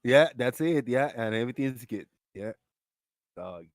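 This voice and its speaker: A man's voice: mid-range voice, animated, a little slow, dry recording. Host of an online voice chat, man, dry close sound, profane, ranting, laughs a lot. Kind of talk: casual live voice chat. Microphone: online voice call.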